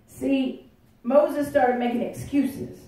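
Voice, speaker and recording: A woman's voice: sits high, fairly even intonation, slow pace, warm tone. A woman pastor preaching a sermon in a church, folksy and conversational, joking with the congregation. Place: church sanctuary. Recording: echoey room, voice heard from a distance.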